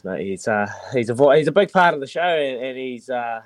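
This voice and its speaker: A man's voice: medium pitch, lively intonation, a little fast, no room sound. A man with a New Zealand accent hosting a breakfast radio show, easygoing and matey, often repeating himself. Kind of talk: casual radio chat.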